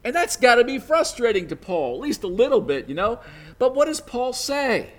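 A man's voice: very high-pitched, very animated, moderate pace. A man preaching a sermon in a conversational way, often saying "you know" and building to emphatic bursts.

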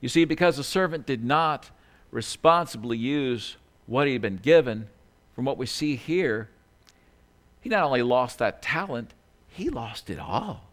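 With a medium-pitched, slightly bright voice, the pastor preaches animatedly and without hurry. He keeps the sermon conversational through asides and self-corrections, now and then mimicking quoted lines in a small pleading voice.

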